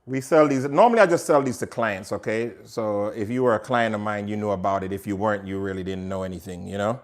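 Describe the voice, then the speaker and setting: A man's voice: on the low side, fast talker. A man with a Jamaican accent hosting a casual cooking demonstration in a home kitchen, chatting straight to viewers as he works. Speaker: cooking show host.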